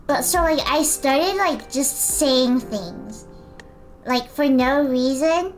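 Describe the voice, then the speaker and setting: A woman's voice: high voice, takes it slowly, soft background music. A young woman streaming and chatting casually with her viewers, giggly and talkative. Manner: giggly, chatty, fills silence with talk.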